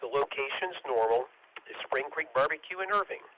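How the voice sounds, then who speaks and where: A man's voice: mid-range voice, animated, bright, forceful tone, highs cut off. Texan man running a radio net. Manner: halting, with many fillers. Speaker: net control operator. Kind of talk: ham radio net announcements. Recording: hissy radio transmission.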